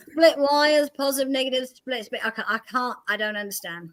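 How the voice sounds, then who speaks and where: A woman's voice: sits high, normal speed, background noise. A woman chatting and joking in a casual group conversation, teasing the others. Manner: joking, teasing, talks a lot. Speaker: chat participant.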